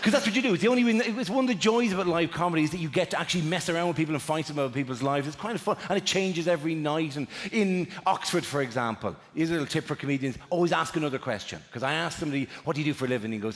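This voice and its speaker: Irish male stand-up, chatty crowd work, slightly higher voice, live theatre reverb. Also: racing. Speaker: stand-up comedian. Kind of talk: stand-up comedy routine. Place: large theatre stage. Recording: echoey theatre with audience noise.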